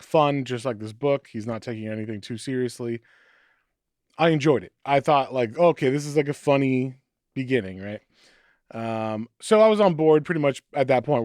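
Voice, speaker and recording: A man chats as a podcast co-host and walks through a comic's story. He acts out the characters' lines as he goes. His voice sits in a middle register and the sound is dry, with no room echo. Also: medium pitch. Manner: animated storytelling, acting out quotes. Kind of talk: casual chat recapping a comic.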